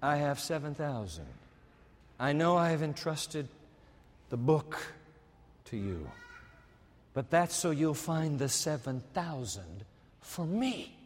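A man's voice: on the high side, very animated, takes it slowly, long pauses. A man voicing God in a sermon, speaking to the preacher in an earnest, questioning way. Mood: pleading. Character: God, calm divine voice addressing a preacher. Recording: long hall reverb.

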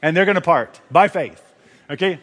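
A fervent male preacher with a fairly high voice leads a revival service, calling out to the congregation and directing them from the front. His voice rings through a large church with a long reverb trailing after each phrase. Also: moderate pace, fairly bright tone. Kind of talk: revival sermon.

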